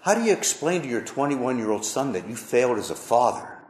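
A middle-aged man preaching a personal testimony, telling his story slowly and with deep emotion. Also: big pitch swings, a little mellow. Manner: slow, emotional storytelling with pauses. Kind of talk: testimony sermon. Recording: roomy echo, faint background noise.

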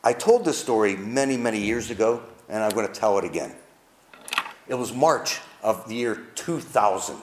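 Older male pastor, heartfelt storyteller, lively rising and falling pitch, roomy echo. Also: normal speed, a little hiss or hum. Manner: heartfelt, emphatic, repeats phrases. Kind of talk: storytelling sermon.

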